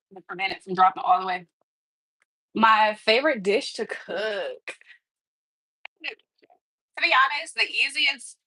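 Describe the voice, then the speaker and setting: A woman's voice: medium pitch, pushed and bright, dry recording, poor audio. A woman hosting a casual livestream from her home kitchen, chatting to viewers while she tidies up, laughing often. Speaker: livestream host.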